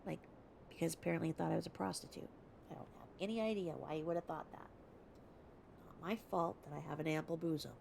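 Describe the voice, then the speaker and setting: American woman, casual rambling host, heavily creaky and gravelly voice, faint background noise. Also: low-pitched, fairly even intonation, fast talker, a little mellow. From United States. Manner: chatty, rambling asides, slips into whispers. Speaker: reader and video host. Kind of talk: casual commentary between readings.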